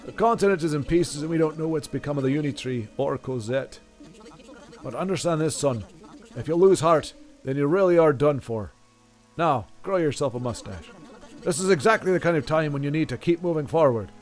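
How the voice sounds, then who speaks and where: A heavy, mustached old father, put on by a man, lecturing in a pompous, self-important tone. He speaks a little above the usual male pitch over soft game music. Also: animated, fairly quick, close to an everyday voice. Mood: preachy.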